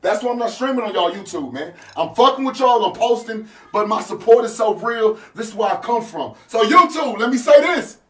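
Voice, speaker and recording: Loud brash gamer in an echoey room. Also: male voice, high-pitched, lively intonation, a little fast, hardly any pauses. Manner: loud, brash, profane trash talk. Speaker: livestreaming video game player. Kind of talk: hyped livestream talk to viewers. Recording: echoey room, far from the mic.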